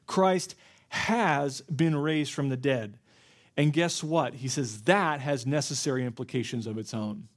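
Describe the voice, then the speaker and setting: A man preaching an expository sermon as pastor of a church, earnest and explanatory, with frequent fillers and restarts. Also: mid-range voice.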